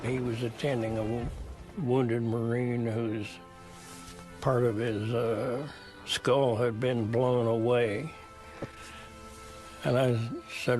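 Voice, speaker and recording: An older man slowly and haltingly recounting a combat memory as an interviewee. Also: medium pitch, flat delivery, darkish tone, soft background music. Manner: slow and halting. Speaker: veteran interviewee.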